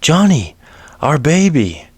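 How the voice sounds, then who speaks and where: A man's voice: fairly low pitch, expressive, slow, no echo, voice pushed up. A man voicing a young woman in a western story, raising his voice to play her with a pleading tone. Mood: anxious. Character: young woman, frightened, then grateful.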